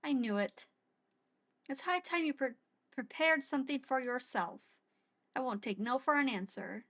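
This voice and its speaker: A woman's voice: high-pitched, normal speed, fairly bright tone. A woman voicing a mysterious non-human shopkeeper who teases yet looks out for the hero, dry and bossy. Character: mysterious non-human woman bound to a shop, teasing but caring.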